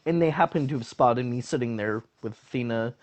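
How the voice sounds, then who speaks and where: A man's voice: medium pitch, brisk, a little mellow. A man, a podcast guest, telling a rambling story in casual chat, full of fillers and restarts.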